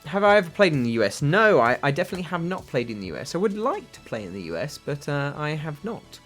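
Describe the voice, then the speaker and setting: A man's voice: a little high, big pitch swings, fast talker, a bit bright, soft background music. A British man hosting a livestream, chatting casually with viewers and answering their questions in a rambling, self-deprecating way full of fillers. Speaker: livestream host.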